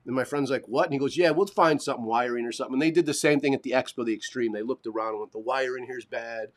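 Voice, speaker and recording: Guy on a livestream telling a wild story, swears a lot, does the voices, medium pitch. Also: rapid-fire. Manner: animated, swearing, acts out quoted voices. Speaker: podcast co-host. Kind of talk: casual storytelling chat.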